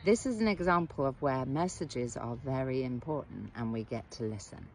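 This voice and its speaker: A middle-aged woman speaks straight to the viewer with a gravelly edge to her voice. She is a therapist telling a story, blunt and frank and not shy of a swear word, and she keeps asking the listener questions. A faint hiss of noise sits under her voice. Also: rumbling low, moderate pace. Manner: direct address to the viewer with questions. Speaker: therapist and coach. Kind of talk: storytelling monologue to camera.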